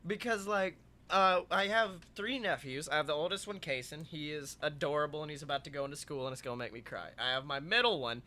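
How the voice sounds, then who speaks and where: A man's voice: fairly high pitch, fairly quick, hardly any pauses. A young man co-hosting a podcast, chatting casually and acting out funny stories with lots of swearing. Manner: animated storyteller, swearing, acting out quotes. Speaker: podcast co-host. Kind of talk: casual chat.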